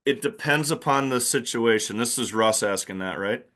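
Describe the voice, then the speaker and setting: A man's voice: medium pitch, normal speed, a bit bright. A man teaching new basketball officials in a plain-spoken, emphatic way, acting out the calls he makes on court. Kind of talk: instructional talk to new officials.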